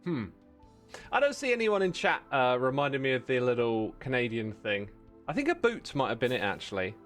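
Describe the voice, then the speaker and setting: Chatting casually with viewers while he plays on a livestream, a man rambles, pokes fun at himself and laughs a lot. His medium-pitched, fairly bright voice swings widely in pitch and moves fairly quickly, with faint music in the background.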